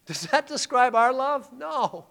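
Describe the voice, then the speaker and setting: A male pastor preaching a sermon, emphatic and full of rhetorical questions, dropping to a hush and then rising loud. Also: very high voice, expressive, a little slow, gravelly.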